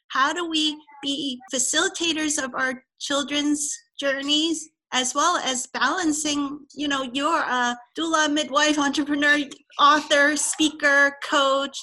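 A woman's voice: sits high, sharp tone, rough recording. A woman hosting a podcast, asking a thoughtful guest question. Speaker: podcast host. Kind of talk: podcast interview.

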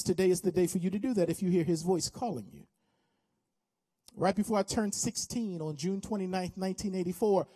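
A man's voice: high-pitched, darkish tone. An American man in his fifties, a pastor preaching an impassioned sermon with an altar call in a church, repeating his appeals. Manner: impassioned, repetitive exhortation. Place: church sanctuary.

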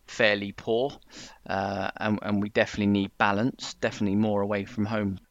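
A man with a low, gravelly voice guests on a football podcast over a dull, dry remote line. He rambles and trips over his words as he gives his picks. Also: level tone, brisk, no echo. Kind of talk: casual football podcast chat.

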